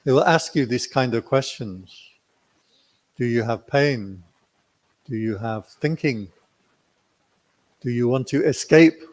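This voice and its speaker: A man's voice: mid-range voice, takes it slowly, pauses often, a little mellow. A man teaching meditation, telling a retreat story in a playful way and acting out the quotes. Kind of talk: dharma talk with a story.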